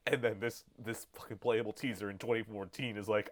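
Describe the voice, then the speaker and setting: A man with a fairly low voice, chatting on a podcast with crude jokes and sudden outbursts. His talk is loose and conversational, full of swearing and playful overreaction. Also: steady tone, brisk. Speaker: podcast co-host. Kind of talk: casual chat.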